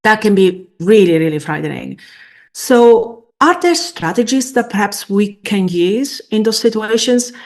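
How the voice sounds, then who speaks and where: A woman's voice: medium pitch, darkish tone. A woman hosting a podcast interview, asking questions hesitantly with many fillers and restarts. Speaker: podcast host.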